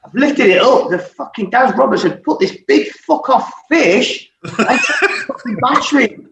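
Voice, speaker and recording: Here the former footballer, a middle-aged man, has a very high-pitched, gravelly voice and a measured pace. He's a sweary, animated storyteller who laughs as he spins his tales in a relaxed chat. The sound is distant, dull and echoey with a faint hiss of noise.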